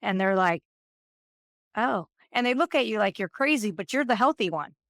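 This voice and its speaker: A woman in her fifties, a nurse, telling stories in an interview and acting out the people she quotes in an animated way. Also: mid-range voice, moderate pace, no room sound, clean studio sound. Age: 50s. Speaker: nurse and guest. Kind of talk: storytelling interview.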